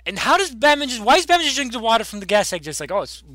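A man co-hosting a casual podcast, recapping a comic book with animated, stumbling restarts. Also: very high-pitched, racing, dry recording. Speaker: podcast co-host.

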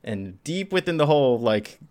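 A man's voice: medium pitch, very animated, normal speed, a little mellow, clear, resonant tone. A man co-hosting a podcast, retelling a comic's plot in a laid-back storytelling way and laughing often. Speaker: podcast co-host. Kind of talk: casual comic book recap chat.

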